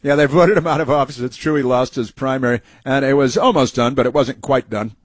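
A man's voice: mid-range voice, brisk, no echo. A man hosting a talk show, giving heated, mocking opinion commentary full of fillers and restarts.

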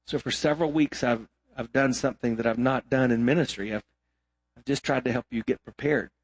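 A middle-aged man preaching a sermon as pastor, emphatic, swinging between loud exhortation and quiet asides. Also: medium pitch, brisk, slightly rough, no echo.

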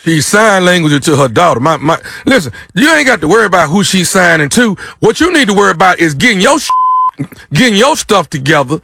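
A man making a prank phone call for a radio show, loud and confrontational in a mock-indignant way. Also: high-pitched, very animated, brisk, gravelly, husky, no echo, clean studio sound. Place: radio studio.

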